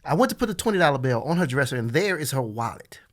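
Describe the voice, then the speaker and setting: A man's voice: mid-range voice, quick pace. A man appearing as a guest on a comedy podcast, telling stories with an incredulous, teasing manner. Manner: animated, incredulous, teasing storyteller. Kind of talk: casual comedic chat.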